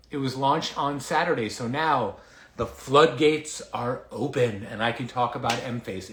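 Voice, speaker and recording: A man, a dermatologist, hosting a casual livestream, chatty and excitable, rambling with lots of fillers, a little out of breath. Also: medium pitch. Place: home basement. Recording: echoey room.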